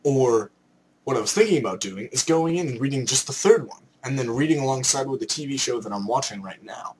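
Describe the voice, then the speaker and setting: A young man from Canada ranting excitedly in a vlog, slipping into mock voices as he goes. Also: mid-range voice, a little fast, slight background noise. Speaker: vlogger.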